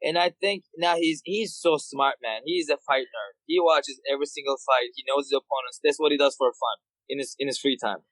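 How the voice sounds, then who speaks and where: A man's voice: medium pitch, fairly quick, hardly any pauses, a bit bright, no room sound, rough recording. A man from Turkey, a fighter guest on a casual podcast, sharing eager opinions on politics and on fighters. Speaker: guest, mixed martial arts fighter. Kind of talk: casual chat.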